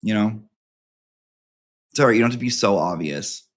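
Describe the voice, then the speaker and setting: This man's voice is fairly low and animated, moving at a moderate pace. He's a campy channel host chatting casually with his live viewers, reading their emails out loud, swearing freely and tossing in lots of sassy asides.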